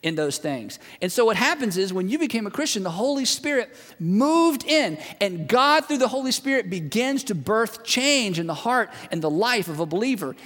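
Man, pastor, sermon, conversational storytelling, high voice, reverberant church hall. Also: sing-song, moderate pace, few pauses, fairly bright tone. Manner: conversational storytelling, retelling a friend's words. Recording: long reverb of a large hall.

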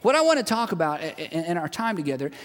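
A man preaching a sermon to a large congregation, telling stories in a relaxed, conversational way and retelling a friend's words. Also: a little high, fast talker. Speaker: pastor. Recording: long reverb of a large hall.

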